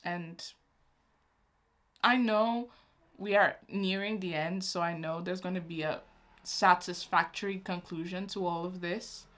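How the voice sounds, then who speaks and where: A woman's voice: fairly low pitch, steady tone, a little slow, a bit bright. A young woman hosting a reaction video, chatting casually and emotionally, talking back at the screen.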